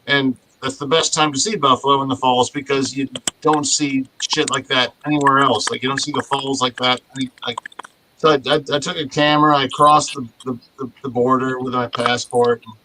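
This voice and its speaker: A man's voice: medium pitch, level tone, moderate pace, sharp tone. Man, rambling storyteller, swears casually, noisy recording. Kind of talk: casual chat. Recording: noisy podcast audio.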